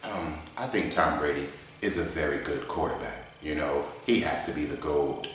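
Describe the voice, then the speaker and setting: A man voicing a mild-mannered, soft-spoken male debater who talks in a measured, hesitant way, recorded in a garage. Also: rumbling low, a little hiss or hum. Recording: echoey garage.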